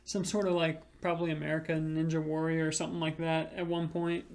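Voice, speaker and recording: Easygoing young man with a gravelly voice. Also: fairly high pitch, level tone, quick pace. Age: 20s. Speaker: podcast co-host. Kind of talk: casual chat.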